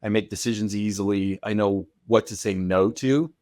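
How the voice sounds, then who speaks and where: A man of fifty speaks as a podcast guest, confident and reassuring as he tells stories. His voice is fairly low. The sound is close and dry. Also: steady tone, normal speed, darkish tone, no echo. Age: 50s. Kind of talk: casual interview chat.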